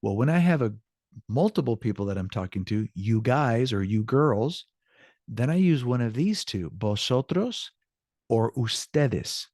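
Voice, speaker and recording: A man's voice: mid-range voice, lively intonation, a little slow, a little mellow, no echo, clean studio sound. An older man teaching a Spanish class in a chatty, upbeat way. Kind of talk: classroom lesson.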